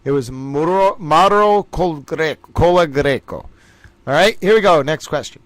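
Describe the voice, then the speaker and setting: A man hosting a livestream trivia game, reading out names and scores and chatting with viewers in a lively way. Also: fairly high pitch, moderate pace, no room sound. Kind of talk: casual livestream chat.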